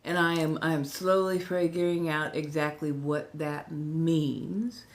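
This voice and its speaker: A woman with a Southern US accent hosting a relaxed livestream chat. She talks softly, slips into whispers, and rambles with restarts while speaking without her upper denture. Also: deep voice, unhurried, slight background noise. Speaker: ASMR livestream host.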